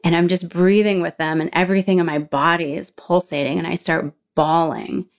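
Brief: female interview guest, lower register, animated storyteller who acts out dialogue and slows when moved.

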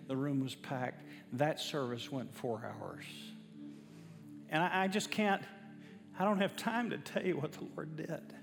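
A man, a pastor telling a story in a sermon, emphatic and building to fervent preaching. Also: a little high. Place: church sanctuary. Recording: reverberant church hall with faint music.

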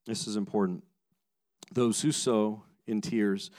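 A man preaching a sermon as pastor, emphatic, moving between raised passages and hushed low ones, often repeating words as he starts a sentence. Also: fairly even intonation, slow, no echo.

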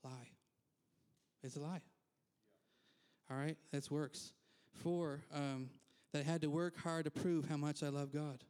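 A man's voice: on the high side, steady tone, measured pace, darkish tone, smooth. A man preaching a conversational sermon as pastor in a church, candid and self-deprecating, with frequent asides.

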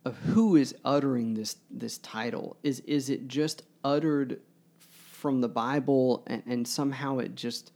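A man with a gravelly, mellow voice talks through a book in casual discussion. He muses aloud at a middling pitch. He stops often to restart his sentences. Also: steady tone. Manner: musing, halting, many restarts.

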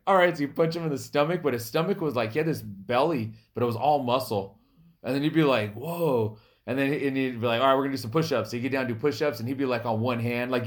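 Animated, laughing male podcast host. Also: medium pitch. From US Native American reservation. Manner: animated, laughs often, acts out quoted people. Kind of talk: casual storytelling chat.

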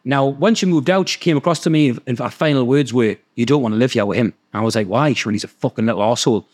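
A man with a Geordie accent telling a long, animated story in casual chat, swearing freely and acting out the other people's voices. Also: medium pitch, fast talker. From North East England. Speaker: podcast guest storyteller.

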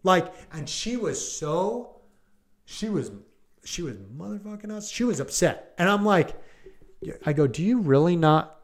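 Here the deputy's voice is high-pitched and very animated, though his pace stays measured. The man, likely in his thirties, recounts a call casually on a podcast, acting out what people said with lots of "like" and "I go."

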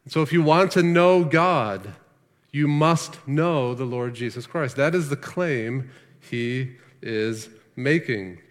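A man's voice: mid-range voice, expressive, slow, big-room sound. A man preaching a sermon as pastor, earnest and emphatic, asking rhetorical questions.

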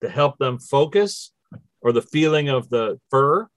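A man's voice: mid-range voice, animated, measured pace, no room sound. A man hosting a casual spiritual chat, walking listeners through numbered steps. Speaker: host.

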